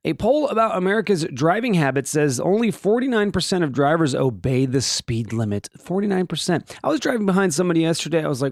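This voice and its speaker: A man hosting a casual solo podcast, joking and wandering off into asides as he goes. His voice sits fairly high and bounces around a lot, with a gravelly rasp. The sound is dry, with no room echo. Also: very animated, fast, few pauses. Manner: rambling and jokey, with many restarts and asides. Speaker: podcast host.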